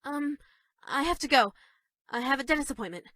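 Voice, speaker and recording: A woman's voice: sits high, expressive, a little fast, no echo, clean studio sound. Sweetly creepy yandere schoolgirl. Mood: shy adoring. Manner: shy and stammering, with sudden dark menace. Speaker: voice actress for a dating game character. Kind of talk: scripted game voice lines.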